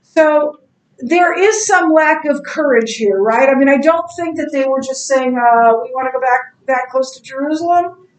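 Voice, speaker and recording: A middle-aged woman teaching a Bible class in a casual, animated way, telling stories and laughing easily. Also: sits high, moderate pace. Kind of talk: casual classroom lecture with anecdotes. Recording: echoey classroom, distant mic.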